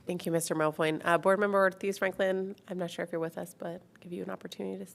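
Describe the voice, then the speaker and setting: A woman chairing a public board meeting, speaking warmly with many pauses and fillers. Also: lowish voice, flat delivery, gravelly. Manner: warm, halting, many fillers.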